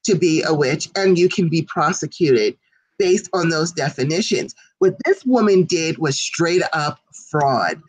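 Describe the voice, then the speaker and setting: A woman's voice: deep voice, expressive, unhurried, breathy edge, rough recording. Emphatic woman co-hosting a chat show. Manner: emphatic, indignant, talks it through at length. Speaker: co-host. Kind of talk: casual chat.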